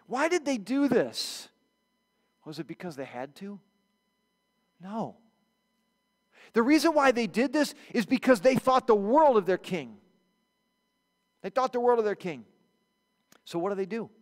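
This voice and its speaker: High-voiced pastor preaching in a reverberant church. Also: male voice, a little slow, pauses often. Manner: animated storytelling, acts out quotes. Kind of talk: sermon. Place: church sanctuary.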